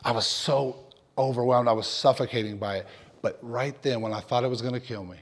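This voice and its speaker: A man preaching an emotional personal testimony as a pastor, dropping to near whispers and then rising loud and fervent. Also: mid-range voice, brisk. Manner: emotional testimony, swings from hushed to loud, repeats himself. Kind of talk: sermon.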